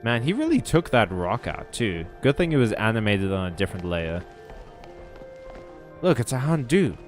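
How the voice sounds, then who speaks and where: A man's voice: on the low side, very animated, normal speed, soft background music. A man giving joking commentary over a video game playthrough, full of sarcastic asides. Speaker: let's play host.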